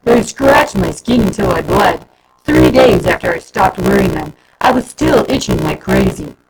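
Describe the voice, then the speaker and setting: Casting: a loud, lovestruck schoolgirl, put on by a woman reader with a gravelly edge and swooping pitch, storybook reading, noisy take. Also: wildly swooping pitch, normal speed, full character voice. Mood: pushy. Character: big, strong, pushy girl with a crush.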